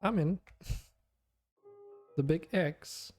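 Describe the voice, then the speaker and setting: A man's voice: a little high, extremely slow, faint music behind. A man streaming a game, chatting casually with viewers in a chatty, self-deprecating way and laughing often. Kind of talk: casual live-stream chat.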